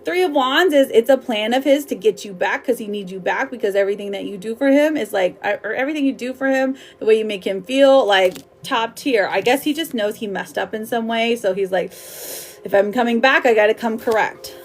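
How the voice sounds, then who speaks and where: A woman's voice: on the high side, brisk, hardly any pauses. Chatty, affectionate woman tarot reader. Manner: chatty and affectionate, calls viewers darling and my love. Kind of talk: live-streamed tarot reading.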